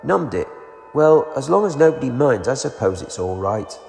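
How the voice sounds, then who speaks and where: A man voicing a gloomy, grumbling old male donkey with a slow, mournful drawl, reading a storybook aloud. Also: mid-range voice, big pitch swings, vocal fry, a little mellow, soft background music. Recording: echoey room with reverb.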